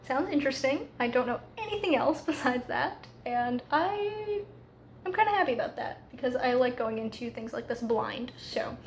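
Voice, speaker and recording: Casual woman book vlogger, high voice, chatty and loose, faint room ambience behind. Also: darkish tone, a little hiss or hum. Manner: chatty, frequent fillers like "like"; quick, slightly rushed asides. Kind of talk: casual reading vlog chat.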